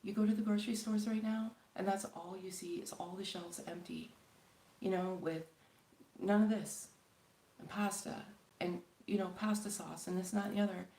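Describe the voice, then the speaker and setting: A woman's voice: medium pitch, fairly even intonation, normal speed, creaky, mellow, echoey room, rough recording. A woman from Canada talking casually and earnestly on a live stream, rambling with many fillers and pleading at times. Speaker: spiritual channel host.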